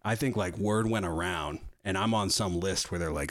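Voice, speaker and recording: A young man with a low voice tells a story on a podcast. He curses a lot and swings his pitch up and down as he talks. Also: normal speed, fairly bright tone. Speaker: podcast co-host. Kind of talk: casual storytelling chat.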